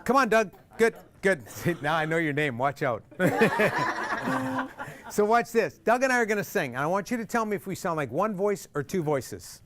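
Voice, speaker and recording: A man's voice: high voice, very animated, moderate pace, noisy background. A man teaching a group singing workshop, joking and singing lines to demonstrate. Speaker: singing instructor.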